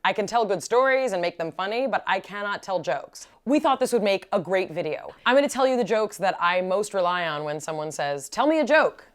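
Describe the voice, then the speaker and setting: A woman vlogger telling jokes to the camera in a casual, animated way, laughing at her own punchlines. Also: mid-range voice, a little fast, few pauses.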